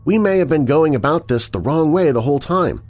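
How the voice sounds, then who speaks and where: A male narrator voicing a young woman, the hero's sister, who speaks in a measured, matter-of-fact way. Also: on the high side, animated, darkish tone, faint music behind, pitched above the performer's own voice, natural voice.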